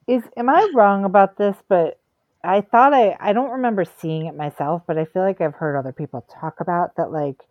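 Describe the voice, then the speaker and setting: A woman's voice: lowish voice, a little fast, no echo, narrow, tinny audio. A woman co-hosting a podcast in casual chat, thoughtful and opinionated. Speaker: podcast co-host.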